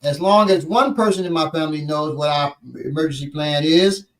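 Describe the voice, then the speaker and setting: A man's voice: on the high side, fairly quick, far from the mic. A man hosting a casual quiz chat, telling stories and laughing often. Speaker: podcast instructor.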